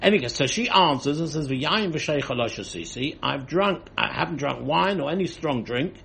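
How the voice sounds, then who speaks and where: Casting: male Talmud teacher, lively pitch, slightly gravelly voice, explains text by text. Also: moderate pace, a little hiss or hum. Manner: explains, translating line by line. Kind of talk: Talmud study class.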